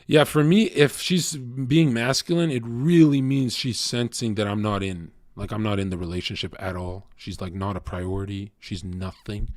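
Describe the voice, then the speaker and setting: Blunt, profane male streamer, low voice. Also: normal speed, hardly any pauses, darkish tone, no room sound, studio quality. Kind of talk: casual rant to a live chat.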